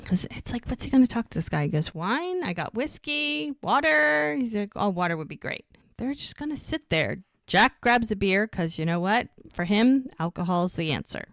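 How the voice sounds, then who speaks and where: A woman's voice: mid-range voice, lively intonation, fairly quick, dry recording, studio quality. A woman co-hosting a podcast, casually retelling scenes and acting out the dialogue. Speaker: podcast co-host recapping episodes. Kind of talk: casual chat.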